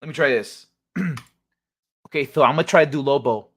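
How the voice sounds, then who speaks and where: A man's voice: mid-range voice, fairly quick, fairly bright tone. A man hosting a casual livestream, rambling and joking with his chat. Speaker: livestream host.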